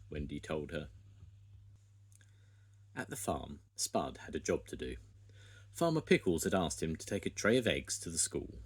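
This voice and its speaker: A man's voice: low-pitched, measured pace, husky. An older man, a grandfather, reading a children's storybook aloud to his grandchildren. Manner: warm lively reading to grandchildren.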